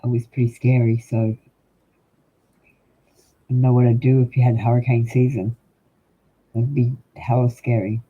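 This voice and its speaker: Over tinny, phone-like, husky audio, an older man with an Australian accent rambles casually to his livestream viewers during tarot readings, umming frequently and talking directly to the chat. His mid-range voice is warm, with little pitch movement, a measured pace and long pauses.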